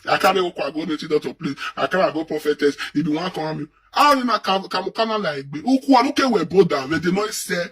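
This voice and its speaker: A man's voice: sits high, lively intonation, brisk, hardly any pauses, a bit bright, husky, recorded from a distance, exaggerated voice. An actor with a Nigerian accent playing a distraught man who pleads and argues, then wails a chanted lament in a Nollywood film. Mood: pleading. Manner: pleading and quarrelsome, later wailing a chanted lament.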